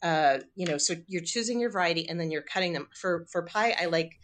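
A woman's voice: fairly low pitch, a little fast, a little hiss or hum. Enthusiastic woman explaining on radio. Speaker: cookbook author guest. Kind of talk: radio interview.

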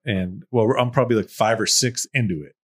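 A man's voice: fairly low pitch, fast. A man telling a story in casual podcast chat, laughing often and swearing freely. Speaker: podcast co-host.

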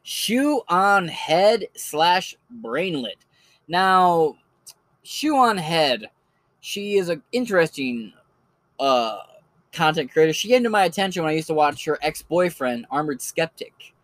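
A man with a somewhat high-pitched voice talks in a loose, joking, rambling way and swears freely. His voice is recorded dry and close, with no room sound. He sounds like a podcast host chatting casually. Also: lively intonation, measured pace, a bit bright, dry recording.

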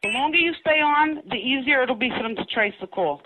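A woman's voice: high voice, expressive, a little fast. A woman on an angry phone call, hostile and insulting. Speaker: prank call target.

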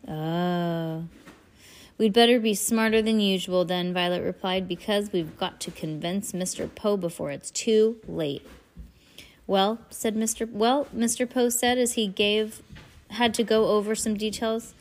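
A woman's voice: mid-range voice, steady tone, a little mellow. Woman casually reading a book aloud. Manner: reads aloud haltingly, stops to comment and laugh. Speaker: reader. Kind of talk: casual read-aloud with asides.

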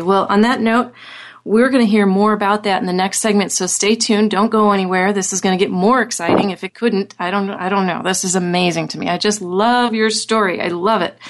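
A woman hosting a radio talk show, enthusiastic and effusive with her guest. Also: mid-range voice. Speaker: host.

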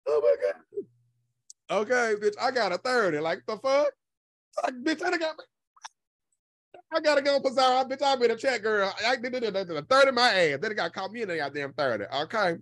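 A man's voice: very high voice, moderate pace, no echo, clean studio sound. A man, a content creator, giving casual solo commentary in a sassy, profane, emphatic way, often repeating his points for effect. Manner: animated storytelling with laughter.

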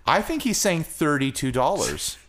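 Man with a lively, bouncing voice. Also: a little high, moderate pace. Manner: loose, rambling, jokey. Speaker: podcast co-host. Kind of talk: casual chat.

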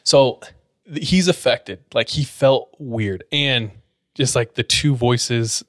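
A man's voice: medium pitch, takes it slowly, a bit bright, no room sound. A man telling a creepy story to friends in a casual, suspenseful way with plenty of fillers, close to the mic. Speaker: podcast storyteller.

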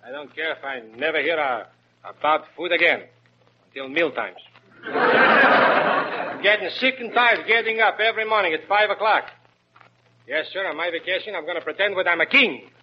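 A man's voice: on the high side, moderate pace, long pauses. A man hosting a 1940s radio comedy, talking in broken English and laughing at his own jokes. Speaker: comedy show host. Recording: dull lo-fi old radio recording with hiss.

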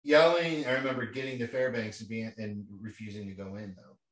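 A man's voice: lowish voice, steady tone, brisk, a bit bright, recorded from a distance. A man co-hosting a podcast in casual conversation, with wry, self-deprecating humor. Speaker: podcast co-host. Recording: echoey room.

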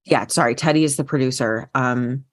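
A woman's voice: extremely low pitch, normal speed. A woman co-hosting a book podcast, talking casually with many fillers and restarts. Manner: chatty, frequent fillers and restarts. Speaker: podcast co-host. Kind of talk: casual book review chat.

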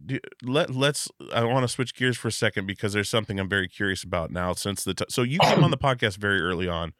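A man's voice: fairly low pitch, fast, fairly bright tone, dry recording, studio quality. A man hosting a casual podcast interview, reflective and rambling with many restarts. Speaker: podcast host. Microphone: video call.

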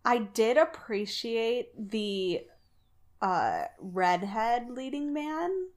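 A woman co-hosting a podcast, chatting casually and dropping dry, deadpan quips. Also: fairly high pitch, extremely slow. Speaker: podcast co-host. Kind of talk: casual chat.

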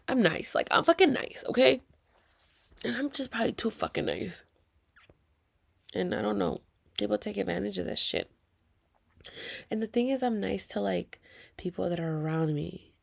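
A woman's voice: medium pitch, gravelly, a little mellow. A woman, venting to viewers in a heated, profane story with whispered asides. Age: 30s. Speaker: vlogger.

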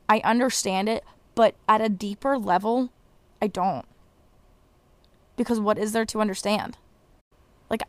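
A woman's voice: medium pitch, no echo. A young woman hosting a podcast, ranting casually and exasperatedly, swearing and rambling with restarts. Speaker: podcast host. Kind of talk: casual solo rant.

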